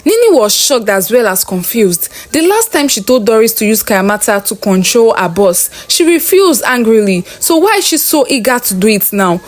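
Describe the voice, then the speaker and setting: A woman's voice: a little high, big pitch swings, normal speed, few pauses. A woman narrating a dramatic story in a plain, dramatic retelling.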